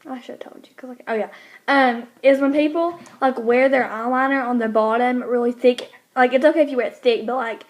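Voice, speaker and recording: A woman's voice: high-pitched, fairly even intonation, brisk. A teenage girl chatting casually about pet peeves, rambling and hesitant with many fillers. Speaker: co-host. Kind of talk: casual chat.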